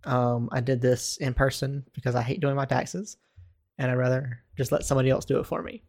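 A man from North Carolina co-hosting a casual podcast, telling anecdotes in a lively way and often laughing as he talks. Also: medium pitch, brisk. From North Carolina, USA. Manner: animated storytelling, laughing while telling anecdotes. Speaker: podcast co-host.

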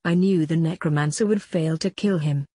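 A woman reading a story aloud, voicing a grown man of the family, plain and approving, in a husky voice. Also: deep voice, normal speed, dark tone, no echo, studio quality.

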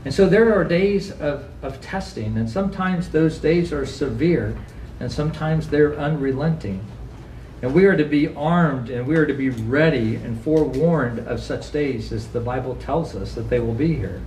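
A man's voice: moderate pace, darkish tone, recorded from a distance, slight background noise. Man preaching in an echoey church. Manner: earnest preaching, rising to high emphatic questions, acts out quotes. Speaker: pastor. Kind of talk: sermon. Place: church sanctuary.

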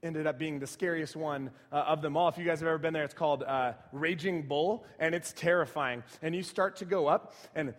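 A young male pastor delivers a sermon in a lively storytelling manner, dropping to soft, reflective asides before building to loud, excited bursts. His voice sits fairly high for a man. A long reverb trails every phrase, as in a large hall. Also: a little fast, hardly any pauses.

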